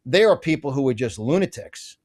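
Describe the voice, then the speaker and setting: A man's voice: mid-range voice, animated, fairly quick, a little mellow. A middle-aged man speaking as an interview guest, ranting with force, piling up asides and restarting his sentences. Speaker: guest, conservative business publisher. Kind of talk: fiery political interview talk.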